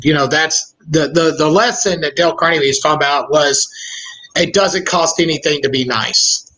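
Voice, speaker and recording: A man hosts a podcast in a somewhat high voice. He tells an anecdote and brings its characters to life by acting out their lines. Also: normal speed, pushed and bright, poor audio. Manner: acts out the voices in his anecdotes. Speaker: podcast host. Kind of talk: casual interview storytelling.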